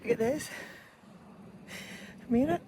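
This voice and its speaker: A woman's voice: unhurried, noisy background. A woman in her forties talking candidly to a camera on a bike ride outdoors, questioning herself, laughing often and sometimes getting emotional. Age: 40s. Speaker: vlogger training for a cycling event. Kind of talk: candid self-filmed monologue. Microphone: small camera carried while cycling.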